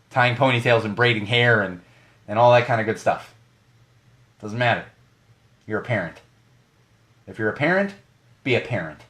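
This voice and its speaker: Animated ranting man, lively pitch. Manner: animated, ranting, many restarts. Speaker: podcast co-host. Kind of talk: casual podcast monologue.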